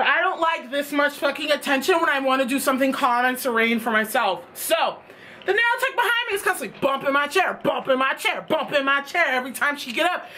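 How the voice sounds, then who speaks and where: A young woman vlogger tells a storytime tale in a casual, exasperated rant, swearing freely. Her voice is high, bright, and pushed.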